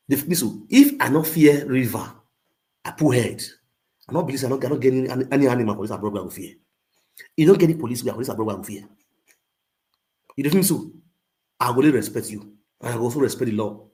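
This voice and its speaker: Man, Nigerian Pidgin accent, animated storytelling rant, jumps from loud bursts to low mutters, mid-pitched voice. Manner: swings between loud outbursts and low muttering. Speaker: social media livestreamer.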